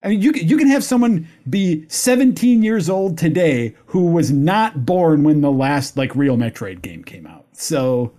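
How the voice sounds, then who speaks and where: A man's voice: a little high, expressive, measured pace, hardly any pauses, warm tone. A man on a casual gaming podcast, reflective and hedging as he searches for his words. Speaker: podcast panelist. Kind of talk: casual video game discussion.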